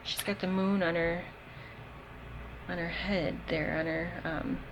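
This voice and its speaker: Slow-talking woman reading tarot. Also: fairly low pitch, fairly even intonation, highs cut off, noisy background. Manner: unhurried, thinking aloud with many ums. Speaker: tarot reader. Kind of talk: casual tarot reading to camera.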